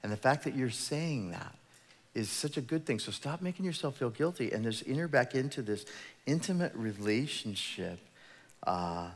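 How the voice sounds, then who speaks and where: A man's voice: medium pitch, animated, normal speed, long reverb tail. A man preaching a conversational sermon as pastor, retelling scripture stories in casual everyday words.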